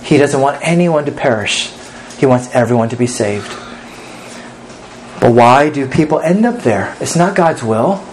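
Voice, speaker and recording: A man's voice: mid-range voice, expressive, a little slow, slight background noise, rough recording. A man preaching an earnest sermon as pastor, reading scripture aloud and pressing his points with rising emphasis.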